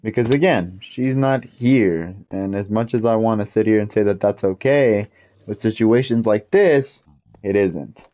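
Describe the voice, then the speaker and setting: Streaming a game, a man rants over and over in frustration, throwing in mild curses. His voice is lowish and a little slow, and the audio lacks high frequencies.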